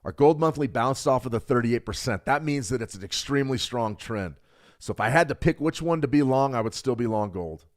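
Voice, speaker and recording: A middle-aged man hosting a live trading stream, walking through charts quickly and joking with viewers in the chat. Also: medium pitch. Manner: fast, animated, jokes with viewers. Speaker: trading show host. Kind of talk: live market analysis with chat replies.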